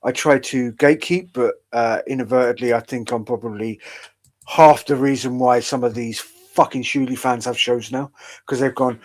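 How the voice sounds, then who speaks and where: A man's voice: medium pitch, steady tone, moderate pace. A man hosting an online show in a casual, rambling, profane way. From United Kingdom. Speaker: podcast host. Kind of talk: casual chat.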